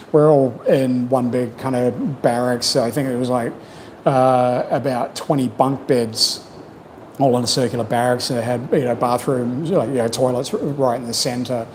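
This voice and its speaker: A man's voice: mid-range voice, darkish tone, slight background noise, poor audio. A man, telling stories frankly and casually with lots of swearing and fillers. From New Zealand. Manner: frank, profane storytelling with many fillers. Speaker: channel host. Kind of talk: casual livestream chat.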